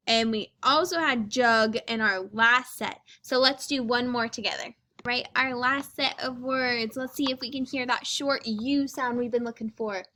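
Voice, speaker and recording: A woman's voice: sits high, fairly bright tone. A woman teaching a phonics lesson to young children, stretching out each sound and asking encouraging questions. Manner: slow, drawn-out sounding out of words; encouraging, sing-song questions.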